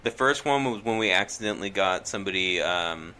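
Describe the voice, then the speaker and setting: A man's voice: deep voice, expressive, a little fast, pushed and bright, slight background noise. A young man telling a story in a casual podcast chat, hesitant with many ums and restarts.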